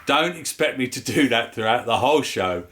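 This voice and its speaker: A man's voice: mid-range voice, animated, normal speed, a bit bright. A man with a London accent hosting a casual home cooking vlog, chatty and jokey. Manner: chatty and jokey, with filler words. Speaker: cooking show host.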